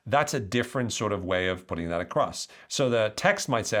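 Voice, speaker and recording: A man with an Irish accent hosting a solo podcast, explaining ideas in an animated way. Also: lowish voice, normal speed, few pauses. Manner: explanatory, animated, acts out quoted lines. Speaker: podcast host.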